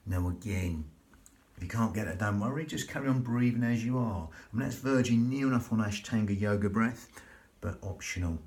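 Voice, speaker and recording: Slow, soothing low-voiced man. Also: darkish tone. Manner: slow, soothing, repetitive guidance. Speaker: yoga and breathing instructor. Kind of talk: guided relaxation instruction.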